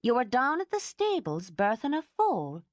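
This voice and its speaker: A woman voicing a fierce, protective older housekeeper who talks in indignant, excitable outbursts. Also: fairly high pitch, normal speed, no echo, studio quality, voice pushed up. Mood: fussing.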